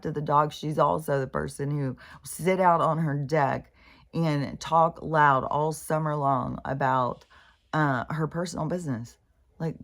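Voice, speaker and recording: A woman vlogging in a rambling, casual monologue, chatty and meandering, full of fillers and swearing. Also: sits low.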